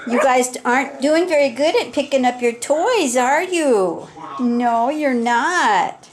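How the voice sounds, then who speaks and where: A woman's voice: high voice, animated, slow. Older woman chatting to her puppies. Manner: sing-song baby talk to puppies, chatty asides. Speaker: puppy owner filming her dogs. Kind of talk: casual home video chat. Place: indoor room at home with puppies.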